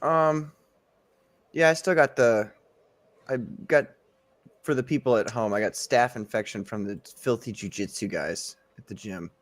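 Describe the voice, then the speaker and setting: Guest, male, mid-pitched, easygoing. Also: a little slow. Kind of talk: casual live-stream chat.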